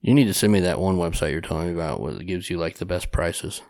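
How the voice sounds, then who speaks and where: Gravelly male podcast co-host, low-pitched, blunt and crude, dry close-up sound. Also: expressive, fast, a little mellow, no echo. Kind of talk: casual chat.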